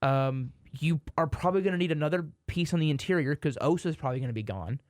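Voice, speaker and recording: A man's voice: on the high side, fast, a little mellow, no room sound, clean studio sound. A man, co-hosting a sports podcast in casual chat, rambling and correcting himself, sometimes exasperated.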